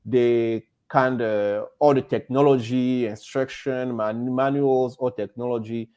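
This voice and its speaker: A man's voice: mid-range voice, fairly even intonation, a little slow, mellow, clear, resonant tone. Guy co-hosting a panel chat, keeps saying you know what i mean. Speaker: podcast co-host. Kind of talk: casual panel discussion.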